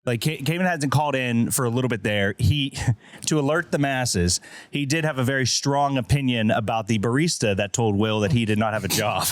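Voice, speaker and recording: A man's voice: medium pitch, brisk, no room sound. A man co-hosting a casual podcast, joining the banter in an easygoing, teasing way. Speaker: podcast co-host.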